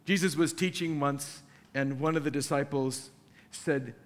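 A man's voice: a little high, steady tone, a little slow, in a large hall. A male pastor delivering a sermon in a conversational way, acting out the scripture passages he quotes.

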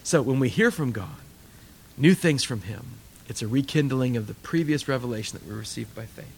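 A man's voice: medium pitch, expressive, fairly quick, gravelly, darkish tone, breathy edge. An older man preaching a sermon, telling stories animatedly and acting out voices. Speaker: pastor.

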